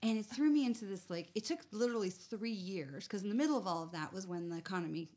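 A woman talking casually about her life and her work as a medium, telling stories in a lively way with lots of fillers. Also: mid-range voice, quick pace. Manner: animated storytelling with frequent fillers. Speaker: medium, guest. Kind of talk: casual conversation.

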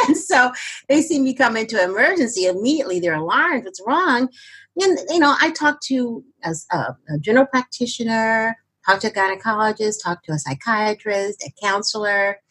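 A woman's voice: on the high side, expressive, moderate pace, a bit bright, breathy edge, rough recording. An older woman telling a personal story in an interview, rambling with many fillers and restarts. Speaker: interview guest.

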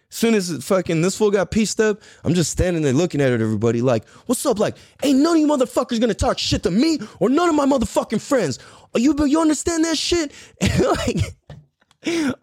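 A man's voice: no echo, studio quality. A man in his thirties from San Diego, telling a profane story casually and acting out the quotes. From San Diego, California. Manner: profane, animated, acts out quotes in a louder higher voice.

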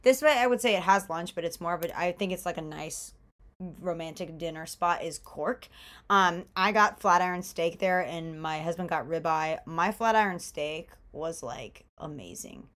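A young woman co-hosting a podcast, chatting casually with animated, enthusiastic storytelling. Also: on the low side, normal speed. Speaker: podcast co-host. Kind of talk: casual chat.

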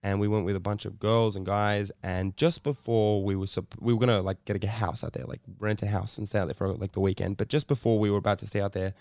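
Smooth-voiced man rambling a story. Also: on the low side, little pitch movement, fast talker, hardly any pauses, a little mellow, dry recording, clean studio sound. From Australia. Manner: rambling, lots of likes and restarts. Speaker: podcast co-host. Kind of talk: casual storytelling.

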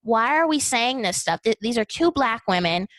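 A woman host recapping events in casual commentary, expressive and animated. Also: fairly high pitch, moderate pace, dry recording, poor audio. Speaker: podcast host.

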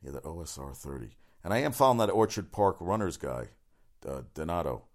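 A man hosting a casual solo sports talk show, rambling quickly from item to item with lots of fillers and swearing. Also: low-pitched, sing-song. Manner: rapid, rambling, profane, with many fillers.

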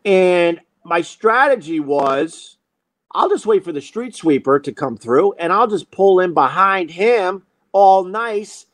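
A man's voice: sits high, animated, slow pace, a bit bright, dry recording. A man telling a comic story in a profane, self-mocking monologue as host.

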